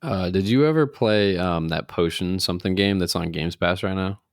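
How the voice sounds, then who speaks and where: A man's voice: low-pitched, normal speed, no room sound, clean studio sound. A man co-hosting a podcast in casual chat, teasing and laughing often. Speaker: podcast co-host.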